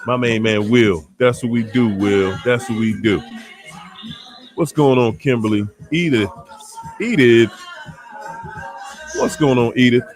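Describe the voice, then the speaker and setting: A man with a Washington DC accent hosting a live online show, giving playful, slangy shout-outs to viewers. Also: medium pitch, measured pace, pauses often, faint music behind. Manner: animated and playful, slangy, laughing often.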